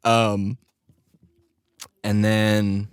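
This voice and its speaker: Casting: young male podcast host, lowish voice, relaxed and profane, laughs through his stories, dry close sound. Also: very slow, smooth, no echo. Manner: laid-back, profane, laughs often while telling stories. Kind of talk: casual solo podcast storytelling.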